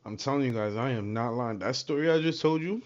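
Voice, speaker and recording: A man with a New York accent tells a street story to his stream in casual, profane slang. His voice sits at an ordinary pitch, and the audio is a little dull and muffled. He gets loud and animated as he retells the action. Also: brisk. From Brooklyn, New York. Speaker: livestream host.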